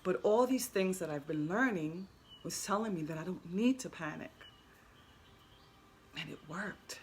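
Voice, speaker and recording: A woman with a fairly low voice speaks at a moderate pace, with a little hiss or hum present. A spiritual vlogger, she tells an earnest personal story in a casual vlog, often repeating and restarting her words.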